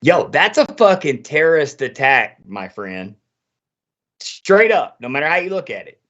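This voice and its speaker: Slightly high voiced guy, cursing and emphatic, muffled lo-fi podcast audio. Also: big pitch swings, a little slow, fairly bright tone. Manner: emphatic, profane, swaggering. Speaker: podcast host. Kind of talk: casual conversation. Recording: dull lo-fi audio.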